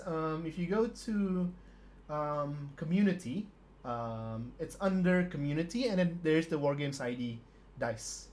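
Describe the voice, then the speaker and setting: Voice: mid-range voice, a little mellow. A stream host commentating a tabletop wargame live, laughing constantly and swearing in disbelief at the dice rolls.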